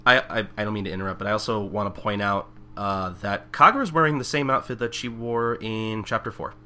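Rambling man with a bright voice. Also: fairly low pitch, a little fast. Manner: rambling, many fillers, lively. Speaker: podcast co-host. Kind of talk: casual manga recap chat.

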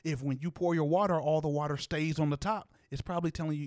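A man's voice: fairly high pitch, fast, few pauses, darkish tone, no echo, studio quality. A man co-hosting a casual chat, playful and slangy, laughing often. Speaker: podcast co-host.

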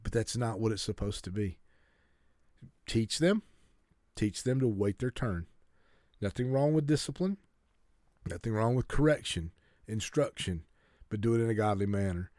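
A man's voice: fairly low pitch, animated, moderate pace, long pauses, a little mellow, no echo, studio quality. A man preaching a sermon to a congregation, urging them earnestly and often stumbling and restarting his sentences. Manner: earnest exhortation with stammered restarts.

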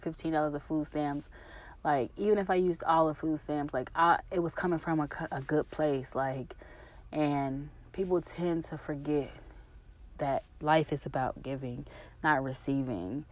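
Low-voiced candid woman vlogger. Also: steady tone, normal speed. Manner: candid, emotional, rambling, swears freely. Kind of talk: casual personal vlog talk.

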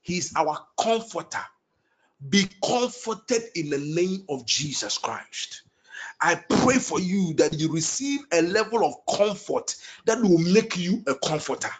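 A man's voice: sits high, animated, measured pace. A man speaks in a slightly raised register as he leads prophetic prayer. He calls out named people one by one and repeats his declarations with fervor. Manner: fervent, repetitive declarations.

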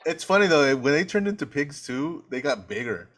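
A man's voice: fairly high pitch, sing-song, normal speed, fairly bright tone. A man co-hosting a casual movie rewatch podcast, laid-back and jokey, tossing in "bro" as he picks apart scenes. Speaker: podcast co-host.

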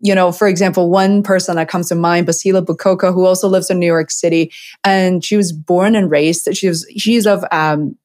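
A woman who learned English as a second language hosting an interview, speaking haltingly with restarts. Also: fairly low pitch, steady tone, a little mellow. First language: not English. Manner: halting, many fillers and restarts. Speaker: interview host, documentary filmmaker. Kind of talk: interview host chat.

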